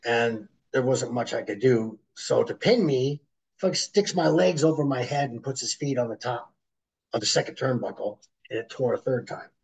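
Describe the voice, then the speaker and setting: A middle-aged man, a former wrestler, telling animated stories as an interview guest and acting out other people's voices. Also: medium pitch, moderate pace, vocal fry, husky, rough recording. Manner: animated storyteller who acts out voices. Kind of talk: storytelling interview.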